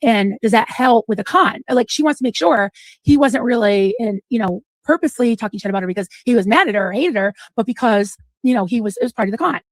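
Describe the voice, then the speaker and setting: A woman's voice: on the high side, quick pace. A woman host casually comments on clips in a loose, conversational way. Her voice sounds dry and close, with no room echo. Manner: conversational, with many fillers.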